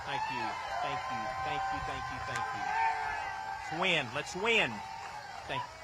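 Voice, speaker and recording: A man from Southern Illinois with a Southern Illinois accent, giving a campaign speech as a candidate for governor in a measured, stately delivery. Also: on the high side, huge pitch swings, over a noisy crowd, heavy background noise.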